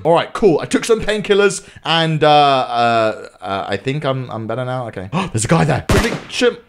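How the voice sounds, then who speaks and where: A young man giving excitable let's-play commentary on a game, talking straight to his viewers and yelling in triumph or panic. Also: mid-range voice, a little fast, hardly any pauses. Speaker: gaming YouTuber.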